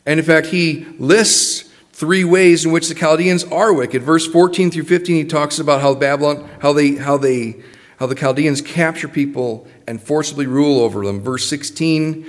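Leading a Bible study, this man reads passages of scripture and explains them plainly and casually, with filler words. His voice is mid-range, and the sound suggests a big room.

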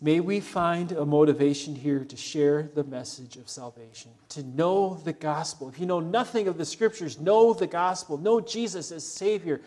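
A male preacher with a fairly high voice delivers an earnest sermon. He urges his listeners on and drops quiet and soft on solemn points. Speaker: pastor.

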